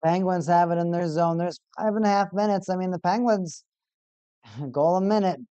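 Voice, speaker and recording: A streamer casually commenting on a live hockey game for a watch party, getting excitable over goals and repeating stats aloud. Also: medium pitch, normal speed, clear, resonant tone, no echo. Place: home streaming setup.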